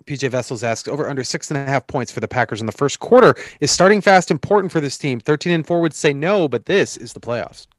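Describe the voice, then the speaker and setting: A man's voice: mid-range voice, expressive, fast, few pauses, dry recording, studio quality. A man hosting a sports podcast, reading listener questions aloud in a wry, casual way.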